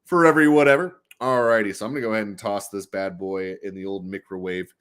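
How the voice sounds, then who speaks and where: A man hosting a casual livestream, rambling, laughing often, swearing and breaking into loud high bursts. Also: fairly even intonation, fast. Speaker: livestream host.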